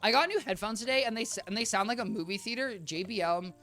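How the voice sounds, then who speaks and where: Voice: mid-range voice, animated, fast, few pauses, bright, forceful tone, soft background music. A game streamer chatting with viewers in a rambling, chatty way while playing, voice a little worn out. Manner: chatty, rambling, addresses chat as guys.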